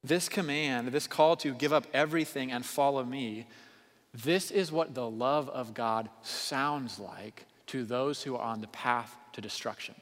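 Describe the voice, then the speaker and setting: A man preaching a sermon as pastor, earnest, moving between quiet intensity and raised emphasis. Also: mid-range voice, unhurried. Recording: long hall reverb.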